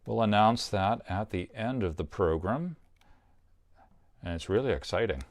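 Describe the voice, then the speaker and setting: A man's voice: lowish voice, lively intonation, unhurried. A man hosting a children's puppet craft tutorial, chatty and upbeat, explaining each step as he works. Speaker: puppeteer and craft show host.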